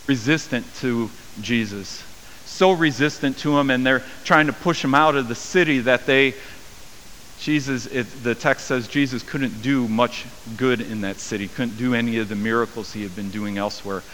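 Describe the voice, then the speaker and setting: A man preaching a sermon as a pastor, acting out the voices of the people in his story with rising pitch and volume. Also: a bit bright. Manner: acts out quoted voices with raised pitch and volume. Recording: long hall reverb with faint hiss.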